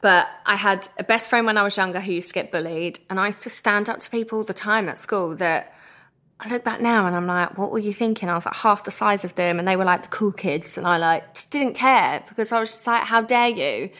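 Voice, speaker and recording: A woman in her thirties from England, candidly telling a personal story as a podcast guest, animated and acting out what people said. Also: medium pitch, brisk. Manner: animated, laughs often, acts out quoted speech.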